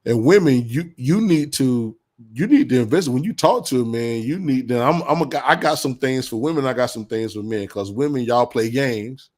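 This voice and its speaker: Man, mid pitch, blunt preachy vlogger who repeats his points. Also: normal speed, a little mellow. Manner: blunt, preachy, heavy slang, repeats insults with bursts of laughter. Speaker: commentary vlogger. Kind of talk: casual advice monologue.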